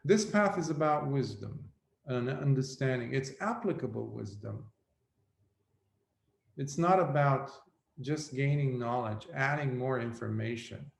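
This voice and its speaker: A Buddhist monk giving a reflective dharma talk, telling a story slowly with pauses. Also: male voice, medium pitch, lively intonation, vocal fry, a little hiss or hum. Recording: roomy echo.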